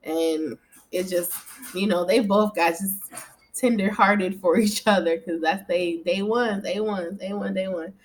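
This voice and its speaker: A woman casually recapping a TV episode at home, chatty and animated, often laughing and swearing as she quotes the characters. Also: on the low side, unhurried. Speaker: TV recap vlogger. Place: home room.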